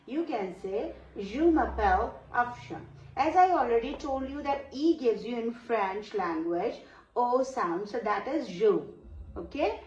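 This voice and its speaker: A woman's voice: a little high, darkish tone, roomy sound, highs cut off. A middle-aged woman from Pakistan with a Pakistani accent and Urdu as her first language, teaching in a patient classroom manner, repeating phrases and checking in with "Okay?". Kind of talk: slow, patient classroom explanation.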